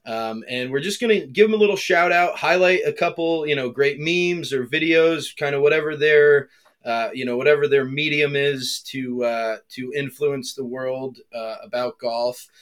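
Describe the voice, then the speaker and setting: Here a man with an American accent helps run a golf podcast, keeping the casual banter lively and guiding its segments. He speaks at an ordinary pace in a mid-range voice with a fairly bright tone.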